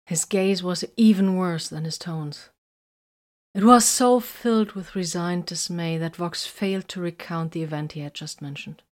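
Woman narrator, low voice, even reading, scripted narration. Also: moderate pace. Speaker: audiobook narrator.

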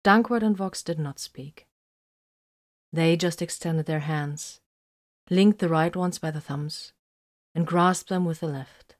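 A woman narrating an audiobook in a steady, even storytelling manner. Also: sits low, takes it slowly.

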